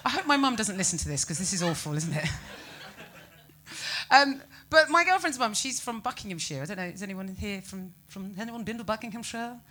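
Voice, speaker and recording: A British woman performing a stand-up comedy set, ranting with incredulous, animated exclamations. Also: medium pitch, brisk, slight background noise. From Britain.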